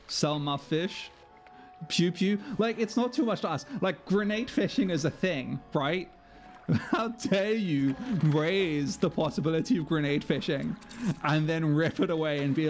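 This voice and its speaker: Guy streaming a game, jokey and sweary, slightly high voice, quiet game music behind. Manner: joking, swears freely, laughs often. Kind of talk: live gameplay commentary.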